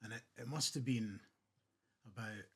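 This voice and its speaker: A man's voice: medium pitch, normal speed, breathy edge. A man telling a wry service anecdote as a guest in an interview. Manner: wry, laughs at his own punchline. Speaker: naval association guest.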